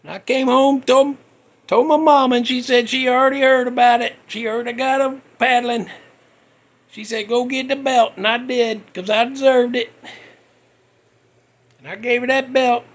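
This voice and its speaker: A man's voice: very high voice, fairly even intonation, normal speed, long pauses, a bit bright. A middle-aged man hosting a podcast, telling a rambling, self-mocking story in a folksy way with loose grammar. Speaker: podcast host. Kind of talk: casual storytelling monologue.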